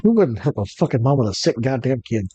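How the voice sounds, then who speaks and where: Lively joking man player. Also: mid-range voice, fast, husky, no echo, muffled recording, soft background music. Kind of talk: casual table talk.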